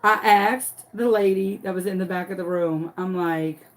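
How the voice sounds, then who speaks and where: A woman telling a dramatic story in a casual, animated way while crafting at home. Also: on the low side, normal speed. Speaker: crafting vlogger and teacher.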